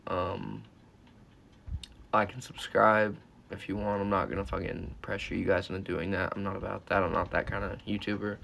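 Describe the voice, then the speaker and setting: A man's voice: low voice, little pitch movement, moderate pace, creaky, sharp tone, slight background noise. A teenage boy telling a storytime vlog as a YouTuber, rambling and swearing, with lots of "like" and "uh.". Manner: rambling, profane, full of "like" and "uh".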